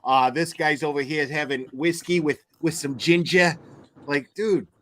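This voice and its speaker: A man with a slightly raised pitch talks through a loose, swearing chat. He speculates out loud and reacts in disbelief. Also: steady tone, measured pace, noisy background. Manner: incredulous, speculative, laughs at his co-host. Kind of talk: casual profane commentary chat.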